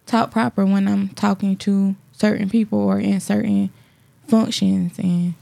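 A woman's voice: medium pitch, level tone, unhurried, gravelly, warm tone. A woman co-hosting a casual podcast, plainly explaining her view. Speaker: podcast co-host.

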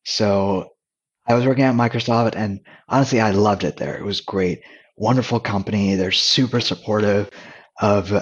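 A man talking candidly and casually as a podcast guest, relaxed and full of restarts. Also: lowish voice, moderate pace, husky, highs cut off. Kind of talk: casual conversational storytelling.

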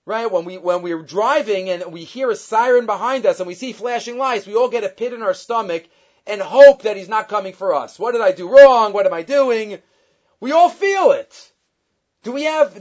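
A man's voice: high-pitched, a little mellow, highs cut off. A man giving a Torah class, retelling stories and weaving Hebrew quotations into his English. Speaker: Torah teacher.

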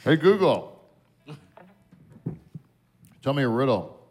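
A man's voice: mid-range voice, big pitch swings, slow, darkish tone. A man hosting a late-night show, bantering bluntly and swearing freely. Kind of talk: casual on-air banter.

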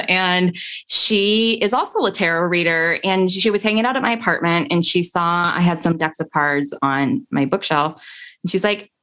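A woman guest telling stories in a casual interview, chatty and animated, often laughing and acting out what her friends said. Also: lowish voice, normal speed. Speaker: podcast guest, tarot reader and tech coach.

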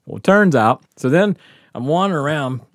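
A man's voice: a little high, lively intonation, brisk, dry recording, studio quality. Rowdy laughing man telling stories. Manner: rowdy, profane, laughs through his stories. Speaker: podcast host. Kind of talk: casual storytelling.

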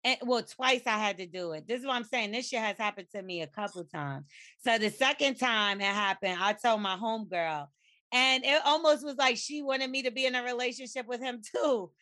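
A woman's voice: fairly high pitch, brisk, pushed and bright, no room sound, clean studio sound. A woman co-hosting a podcast in casual chat, blunt and profane, acting out quoted conversations with animation. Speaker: podcast co-host.

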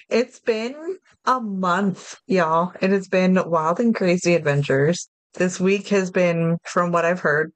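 A woman's voice: mid-range voice, no room sound. Chatty woman podcast host, dry mic. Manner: upbeat and chatty, steers the conversation. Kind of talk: casual chat.

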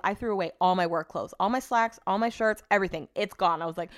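A woman's voice: medium pitch, very fast, hardly any pauses. A woman with a Californian accent, hosting a podcast on her own in a rambling, chatty and profane way. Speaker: podcast host. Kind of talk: casual solo podcast chat.

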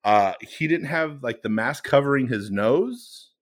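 A man's voice: mid-range voice, animated. Rambling man telling a story. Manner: rambling, halting, lots of fillers and restarts. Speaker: podcast co-host. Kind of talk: casual storytelling chat.

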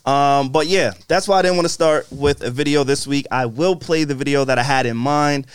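A young man hosting a podcast in casual chat, animated and joking. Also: on the high side, brisk, smooth, dry recording. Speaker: podcast host. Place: podcast studio.

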